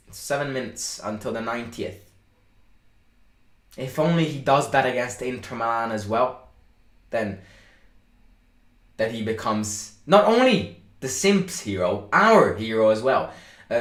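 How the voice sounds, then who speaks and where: Excitable man hosting a football watchalong. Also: medium pitch, measured pace, long pauses, roomy sound. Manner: excitable, shouts and boasts at goals, chatty with viewers. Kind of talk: live stream match reaction.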